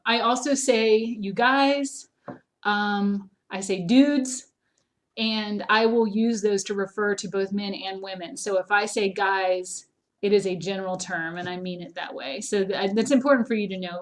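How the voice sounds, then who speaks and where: A woman from South Carolina with a mild Southern accent, an art teacher talking casually to viewers on a livestream from home, rambling and full of ums. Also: medium pitch. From Charleston, South Carolina, US. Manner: chatty and rambling, many ums and restarts. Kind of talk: casual livestream class talk.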